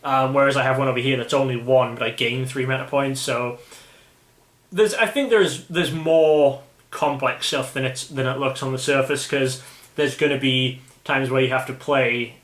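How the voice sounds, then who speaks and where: A British man talks casually at a mid pitch, hosting and thinking aloud as he goes. He rambles and often restarts his sentences. The recording carries a noticeable room echo. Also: fairly even intonation, moderate pace, a bit bright. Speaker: channel host. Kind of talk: casual chat about a card game. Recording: echoey room.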